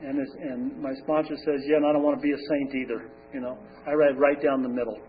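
A man talks through his recovery story at a support meeting, rambling and conversational, with lots of fillers and restarts. His voice sits at an ordinary middle pitch. He is heard from across the room on a thin, phone-like recording with a faint hum behind him. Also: steady tone, fast talker, distant mic. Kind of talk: personal recovery talk.

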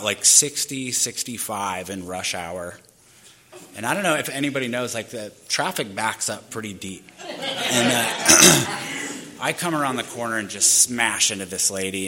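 A man's voice: medium pitch, sharp tone, slight background noise. A man in his thirties candidly telling his own life story in a loose, rambling way, peppered with fillers. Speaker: speaker sharing his recovery story.

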